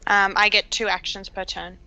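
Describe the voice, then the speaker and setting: A woman playing in an online tabletop game, speaking slowly and a little unsure. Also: mid-range voice, flat delivery, sharp tone. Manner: slow, unsure. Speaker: player. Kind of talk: casual game talk.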